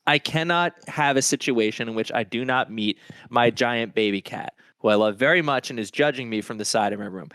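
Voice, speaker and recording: A man's voice: mid-range voice, fairly quick, hardly any pauses, fairly bright tone, smooth, dry recording. A man on a panel talk show, telling rambling stories with enthusiasm. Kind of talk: casual panel chat.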